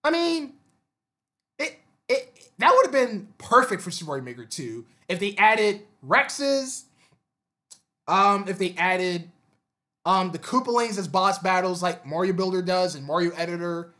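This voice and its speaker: High, bright-voiced man ranting. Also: lively intonation, a little slow. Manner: frequent stammering and repeated words; exasperated rhetorical questions. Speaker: gaming commentator. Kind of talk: unscripted opinion monologue.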